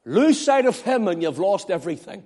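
A man preaching a sermon, swinging between loud, pleading appeals and hushed, quiet asides. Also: high voice, big pitch swings, normal speed. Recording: long hall reverb.

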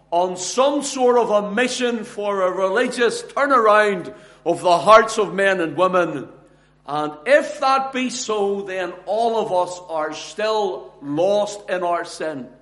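Slow, high-voiced man preaching emphatically. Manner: slow, emphatic, with big swings between soft and loud. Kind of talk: sermon.

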